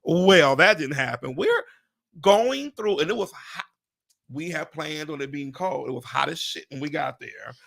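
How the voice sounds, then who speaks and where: A man in his forties hosts a casual live chat, swinging his voice high and low with a gravelly edge. He tells stories with big animated energy and leaps into squeaky voices to quote people. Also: a little slow. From Pontiac, Michigan. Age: 40s. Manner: animated storyteller, jumps into high voices when quoting people. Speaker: host.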